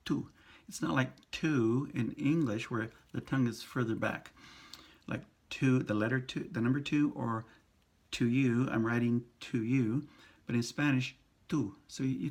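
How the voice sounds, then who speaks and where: A priest giving a casual pronunciation lesson, speaking slowly and patiently, repeating and sounding out syllables. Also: male voice, medium pitch. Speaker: priest teaching Spanish pronunciation.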